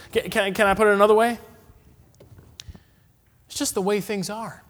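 A man from Massachusetts preaching an emphatic sermon in a church, swinging between loud declarations and quiet asides. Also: high voice, level tone, moderate pace, pauses often. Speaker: evangelist preacher. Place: church sanctuary. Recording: long reverb of a church hall.

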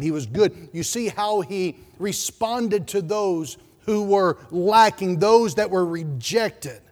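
High-voiced male pastor preaching in a reverberant church. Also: a little mellow. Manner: emphatic preaching with repeated words and rhetorical questions. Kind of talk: sermon.

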